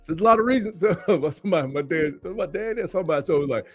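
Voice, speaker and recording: A man co-hosting a casual sports talk show, an animated storyteller who laughs often and keeps repeating his catchphrases. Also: sits high, fast, faint music behind.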